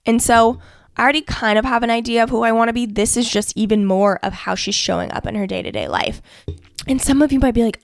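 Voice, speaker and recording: A woman's voice: fairly high pitch, quick pace, vocal fry, no room sound, studio quality. A woman hosting her own podcast in a casual, motivational monologue, talking frankly with plenty of swearing and filler words like "like" and "okay". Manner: frank and profane, peppered with "like" and "okay". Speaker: podcast host.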